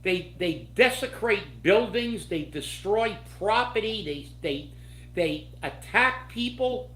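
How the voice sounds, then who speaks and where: A man delivers political commentary in a slow, deliberate rant full of indignation. His voice echoes around a roomy space. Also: high-pitched, lively intonation, fairly bright tone. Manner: angry, indignant ranting.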